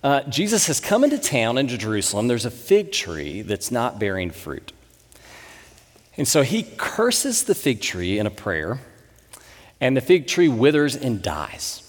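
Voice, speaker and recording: A man in his thirties, a pastor, giving a sermon with conversational, animated storytelling. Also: mid-range voice, measured pace. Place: church sanctuary. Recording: long reverb in a church hall.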